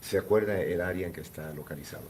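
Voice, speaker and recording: Male court interpreter, very low voice, brisk and businesslike. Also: darkish tone. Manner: quick and businesslike, with frequent "uh" fillers.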